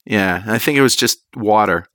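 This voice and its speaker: Male co-host, lowish voice, rambling casual cook-talk, dry close mic. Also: moderate pace, no room sound. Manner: rambling, relaxed, laughs easily. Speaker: cooking podcast co-host. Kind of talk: casual chat.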